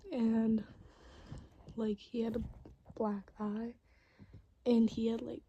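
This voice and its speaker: A woman whispering a role-play to the listener, her voice soft and mostly breath, a little high and mellow. She drifts slowly through the scene, hesitant and rambling, padding it with fillers. A faint noise sits under her. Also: level tone, muffled recording.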